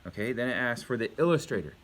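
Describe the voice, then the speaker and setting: A man's voice: mid-range voice, animated, fast talker, fairly bright tone. A male elementary school teacher giving a home video lesson to young pupils, patiently asking questions and praising the answers.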